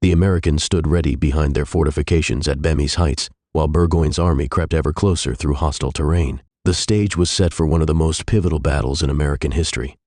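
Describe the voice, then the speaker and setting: A man narrating a historical fiction story in a measured, even way. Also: rumbling low, slightly rough, dry recording, clean studio sound.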